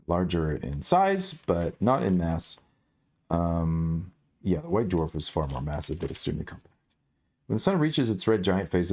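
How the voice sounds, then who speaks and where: A man's voice: deep voice, darkish tone. A man streaming live, reading news stories aloud and riffing on them in a rambling, jokey, self-correcting way. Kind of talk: casual livestream news commentary.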